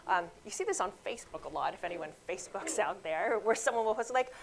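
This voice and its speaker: A mid-range-voiced woman physician races through her grand rounds lecture with few pauses, telling vivid clinic stories and imitating the voices she quotes. She addresses the audience head-on, and the audio quality is poor.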